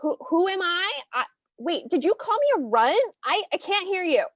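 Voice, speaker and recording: A woman playing a beaten young election observer in a staged play reading, speaking in halting, broken phrases. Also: very high-pitched, sing-song, no echo, clean studio sound. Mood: dazed.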